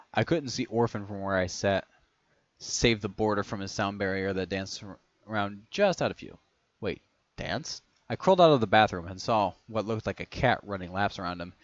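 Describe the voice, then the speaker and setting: A man reading a first-person story aloud in a casual way, often stumbling on words, restarting them and clearing his throat. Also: on the low side, normal speed, dry recording. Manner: reads in first person, stumbles and restarts on words, breaks into long fits of laughter. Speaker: reader of fan fiction. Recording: dry, slightly dull home recording.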